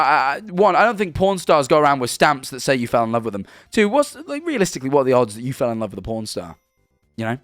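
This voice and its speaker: A man's voice: medium pitch, dry recording, studio quality. A man in his twenties streaming from home, casually chatting and reading viewer messages in a rambling, stumbling way.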